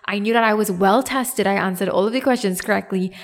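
Talking fast, a young podcast host with a Trinidadian accent and a middle-range pitch recounts a story. Her style is casual and very animated, full of self-mockery and acted-out voices for the people she's quoting.

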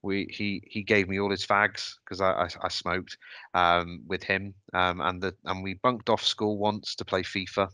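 A man hosts a podcast and tells a personal story. His voice sits very low, yet it comes across bright and forceful, and the sound is dry and close. He speaks hesitantly, pausing and restarting as he reflects. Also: little pitch movement, no echo. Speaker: podcast host.

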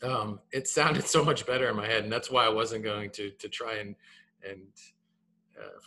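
A man in his thirties co-hosting a casual podcast, animated and repeating his words, tagging "man" onto his sentences. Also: fairly low pitch, normal speed. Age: 30s. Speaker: podcast co-host.

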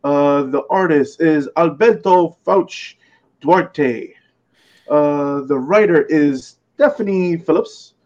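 A man on a casual comics podcast, his voice pitched a little high and sounding dull and lo-fi. He reads out comic book credits between frequent laughs and stumbles over the odd name. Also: takes it slowly, darkish tone. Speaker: podcast co-host presenting comics.

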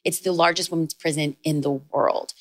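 Lively storytelling woman, lower voice. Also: no echo. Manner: storytelling, fast bursts with excited rises in quoted lines. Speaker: podcast guest, author and speaker. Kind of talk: casual chat.

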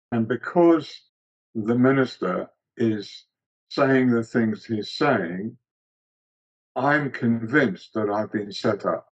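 A middle-aged man from South Africa, a guest telling an earnest, gently wry personal story in casual chat. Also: mid-range voice, dull audio.

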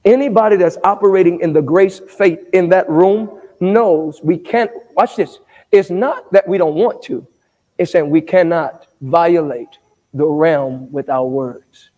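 High-voiced male pastor preaching in a hall. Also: measured pace. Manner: call-and-response preaching, asking the congregation to answer back; builds to shouted emphasis. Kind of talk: sermon. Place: church sanctuary. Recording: long reverb of a church hall.

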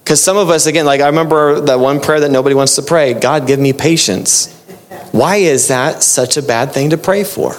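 A man preaching a sermon in a conversational style, jumping into animated quoted voices and mixing quick bursts with slow emphatic phrases. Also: on the high side. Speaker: pastor.

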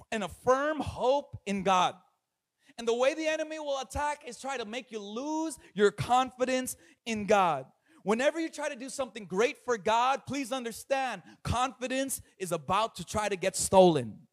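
A man preaching a sermon as pastor, telling stories with lively acted-out quotes and repeated words. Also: high-pitched.

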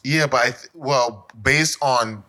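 A man's voice: mid-range voice, takes it slowly, pushed and bright. A man co-hosting a podcast in casual chat, eagerly agreeing and chiming in. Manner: eager, backs the other speaker with constant agreement. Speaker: podcast co-host.

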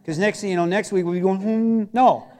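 A man's voice: high voice, flat delivery, rapid-fire, a little mellow. A man preaching a sermon as pastor, telling a personal story in a conversational, emphatic way.

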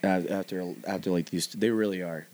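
A man's voice: low voice, fairly even intonation, a little fast, darkish tone. A young man co-hosting a casual podcast chat, rambling and swearing loosely, laughing often. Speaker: podcast co-host.

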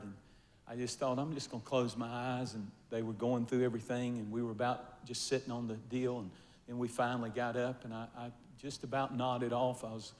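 An older man preaching a sermon, telling a funny personal story with animated swings between quiet asides and loud bursts. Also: medium pitch. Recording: long reverb of a large hall.

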